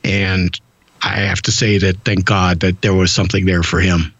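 A man's voice: sits low, level tone, moderate pace, fairly bright tone, dry recording. Man, from upstate New York, podcast host, blunt, profane, rambling, dry, dull lo-fi sound. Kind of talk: casual podcast chat.

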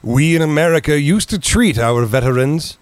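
A man's voice: a little high, animated, normal speed, no echo. A middle-aged man chatting casually on a podcast, telling stories with a self-deprecating edge. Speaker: podcast co-host.

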